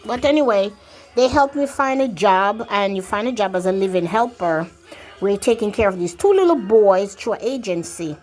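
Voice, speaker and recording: A woman's voice: mid-range voice, normal speed, faint music behind. A woman telling a personal story in a rambling, casual way, acting out what people said along the way. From grew up outside the country she now lives in. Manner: rambling, quotes herself and others in lively acted-out voices.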